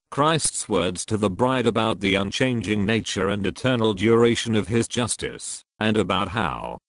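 A man reading a religious text aloud in a measured, solemn way. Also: fairly low pitch, no room sound, studio quality. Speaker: reader. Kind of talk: audiobook narration.

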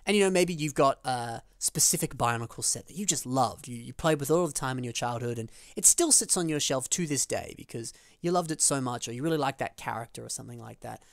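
A man hosting a building show, chatting casually and enthusiastically about fan builds, his voice leaping up in pitch on the words he stresses. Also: animated, fairly quick, creaky, hardly any pauses, no room sound, clean studio sound. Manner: enthusiastic, with big pitch jumps on emphasis; chatty, with frequent fillers and restarts.

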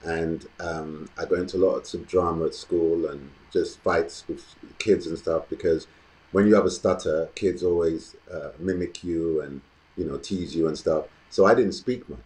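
A man with a very low, deep voice. As an interview guest, he tells his story slowly and thoughtfully. He often pauses with ums. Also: darkish tone, low-quality recording. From London, England. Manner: thoughtful, measured, with frequent ums. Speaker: actor and guest.

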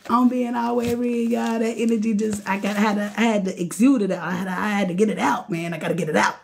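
A woman giving a late-night live tarot reading, casual and slangy, talking straight to her viewers and getting excitable, chanting and repeating herself. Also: mid-range voice, quick pace, gravelly, hardly any pauses. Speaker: tarot card reader.

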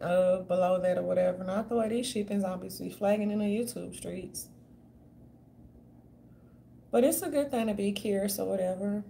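A woman riffs on a livestream in a loose, slangy way at a middle pitch, easy laughs running through her talk. She speaks straight to her chat and calls them darlings and y'all. A soft hiss sits under the voice. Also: creaky. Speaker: YouTube commentator. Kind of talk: livestream commentary talking to chat.

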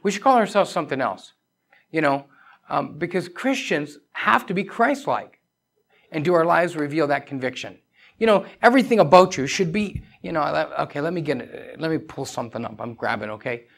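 A man's voice: fairly high pitch, animated, normal speed, vocal fry, a bit bright. A man preaching a conversational sermon as pastor of a church, pressing questions on the congregation and telling personal stories. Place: church sanctuary.

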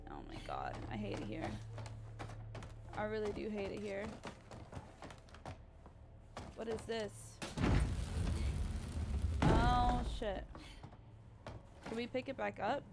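Excitable swearing woman streamer. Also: mid-range voice, measured pace, creaky, pauses often, very noisy. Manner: excitable, swears a lot, shrieks when scared. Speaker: gaming streamer. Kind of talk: live let's-play commentary.

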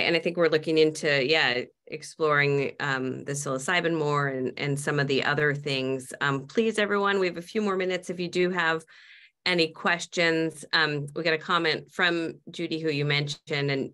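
A woman's voice: low voice, a bit bright. A woman hosting a webinar, moderating questions and comments in a hesitant, filler-heavy way. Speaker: webinar host.

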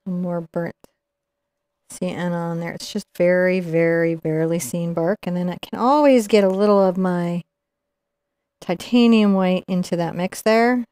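A woman's voice: fairly low pitch, mellow, dry recording. A middle-aged woman teaching acrylic painting live, chatting and explaining each brush move as she paints. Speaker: painting instructor.

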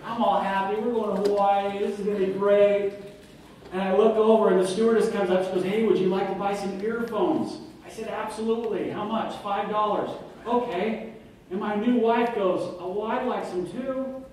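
A man's voice: high-pitched, moderate pace, a little hiss or hum. Man speaking in a very echoey hall. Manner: self-deprecating, animated, acts out quoted voices. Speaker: guest speaker. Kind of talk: humorous lecture storytelling. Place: lecture hall. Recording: very echoey hall, far from mic.

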